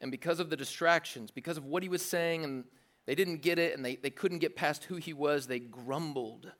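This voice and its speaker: Man, pastor, animated sermon, jokey, acts out crowd voices, fairly high voice. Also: moderate pace.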